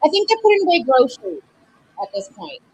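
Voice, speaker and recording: Chatty woman streamer, slightly high voice. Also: huge pitch swings, quick pace, a little mellow, husky, poor audio. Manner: chatty, musing aloud with small laughs. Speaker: streamer reacting to clips. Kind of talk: casual commentary.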